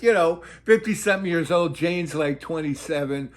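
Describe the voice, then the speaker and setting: Older male storyteller, slightly high voice, meandering, acts out quotes. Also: normal speed. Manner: loose, digressive, acts out quotes. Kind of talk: rambling anecdote telling.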